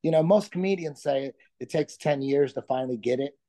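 A man's voice: medium pitch, fairly quick, dark tone. A middle-aged man talking casually as an interview guest, laid-back, with frequent restarts and easy laughs. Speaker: guest, comedian and jiu-jitsu instructor.

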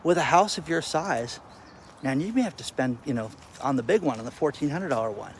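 A male content creator telling stories to camera outdoors in the wind, animated and exasperated. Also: fairly high pitch, a little fast. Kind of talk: casual vlog rant.

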